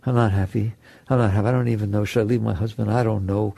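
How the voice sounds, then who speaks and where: A man's voice: on the low side, steady tone, quick pace, gravelly, mellow, no room sound, voice pushed down. A man voicing the inner thoughts of an unhappy married woman, whining and trailing off in self-pity. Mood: moping.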